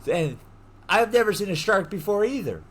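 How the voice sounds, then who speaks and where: A man's voice: high-pitched, normal speed. Laughing man telling a wild story. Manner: animated, swears, laughs often. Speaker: podcast co-host. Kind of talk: casual storytelling chat.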